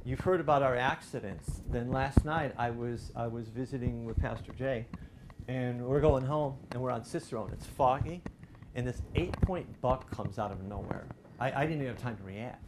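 A man's voice: mid-range voice, moderate pace, background noise. A middle-aged man, preaching a sermon in a loose, conversational storytelling way, often restarting his sentences. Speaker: pastor.

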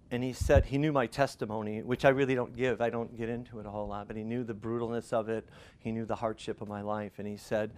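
Male pastor, middle-aged, chatty storytelling sermon, mid-pitched voice. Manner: conversational, animated storytelling with restarts.

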